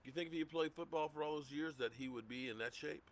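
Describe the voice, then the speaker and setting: A man's voice: on the high side, fast talker, slight background noise. A middle-aged man hosting a sports livestream, ranting heatedly and repeating himself as he gets worked up. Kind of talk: heated rant.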